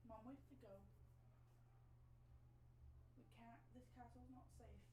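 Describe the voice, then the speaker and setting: A woman's voice: fairly high pitch, fairly even intonation, a little slow, distant mic. A woman player speaking in character in a tabletop game, urgent and insistent. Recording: echoey room with background noise.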